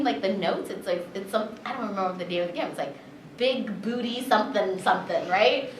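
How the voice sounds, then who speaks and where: A woman's voice: medium pitch, animated, fairly quick, a little hiss or hum. A woman voice actress telling stories at a convention interview, talking in a chatty, filler-heavy way and animatedly retelling what happened. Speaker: voice actress and director. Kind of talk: convention panel interview, storytelling. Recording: echoey room, distant mic, background chatter.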